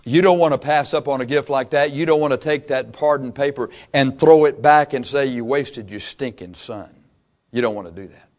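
A man preaching a sermon, impassioned and emphatic, swinging from loud peaks to quiet asides and repeating phrases for emphasis. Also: medium pitch, fairly quick, hardly any pauses.

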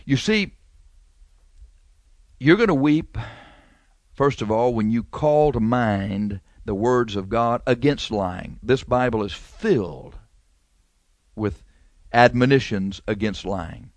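A man preaching a radio sermon with fervor, repeating lines and climbing suddenly in pitch and volume. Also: takes it slowly, dry recording.

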